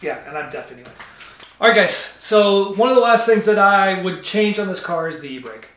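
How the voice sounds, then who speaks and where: A man's voice: high voice, lively intonation, fairly quick, a bit bright, roomy sound, far from the mic. A man hosting a car review, talking casually and rambling, with frequent self-corrections. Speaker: car channel host.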